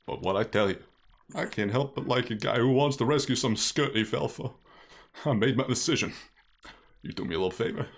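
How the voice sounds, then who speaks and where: A man voicing a gruff, bossy male mob boss in a slow, clipped tough-guy gangster drawl. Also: medium pitch, close to an everyday voice. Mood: scheming.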